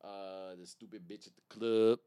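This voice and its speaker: A man's voice: fairly low pitch, steady tone, normal speed, dark tone, clear, resonant tone, no room sound, studio quality. A man hosting a solo comedy podcast, rambling in a profane, slangy way and laughing at his own jokes. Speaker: podcast host and stand-up comedian. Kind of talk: casual solo podcast rant.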